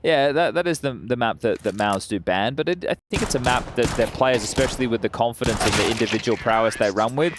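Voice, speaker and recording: A man giving measured color commentary and tactical analysis during an esports match, with a dry sense of humour. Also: mid-range voice, very noisy.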